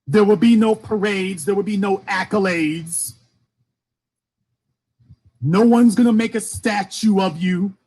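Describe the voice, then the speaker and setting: A man's voice: high-pitched, a little slow, long pauses, darkish tone, breathy edge. A man from Louisiana with a faint Southern accent, delivering an impassioned streamed monologue full of repeated rhetorical questions. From Shreveport, Louisiana, US. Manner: rhetorical, repeating questions, rising and falling emphasis. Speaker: commentator.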